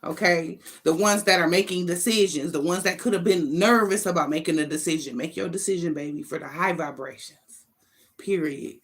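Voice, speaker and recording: A woman's voice: fairly low pitch, brisk. A woman giving a casual spiritual card reading to her viewers, blunt and profane, talking in emphatic, sassy bursts and thinking aloud between them. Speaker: tarot card reader.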